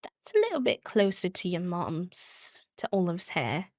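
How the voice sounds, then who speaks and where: A woman's voice: on the low side, wildly swooping pitch, measured pace, a little mellow, dry recording, clean studio sound. A woman streaming a game, chatting casually and giggling as she talks to her viewers. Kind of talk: casual live-stream chat while gaming.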